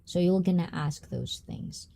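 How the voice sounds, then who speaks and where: A woman hosting a casual live-stream chat, talking in a reflective, drawn-out way with many fillers and asides to her viewers. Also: fairly low pitch, creaky, warm tone. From Japan. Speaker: host.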